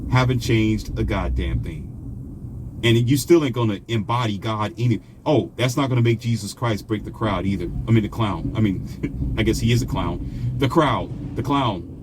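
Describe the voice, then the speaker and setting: A man's voice: lowish voice, moderate pace, noisy background. A man delivering a confrontational, mocking monologue to his viewers, scolding them and preaching his own predictions. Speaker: online commentator. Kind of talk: ranting monologue.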